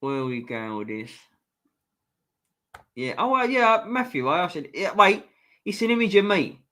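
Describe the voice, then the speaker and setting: Sweary, lively man hosting a stream. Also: high-pitched, a little slow. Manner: sweary, chatty, reacting to viewer comments. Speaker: livestream host reading chat. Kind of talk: casual live chat.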